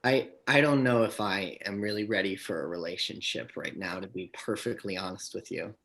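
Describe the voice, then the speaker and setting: A man performing improv comedy on a live show, talking in a deadpan, repetitive way. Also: low voice, moderate pace. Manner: deadpan, repeats one boast. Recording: live stage audio.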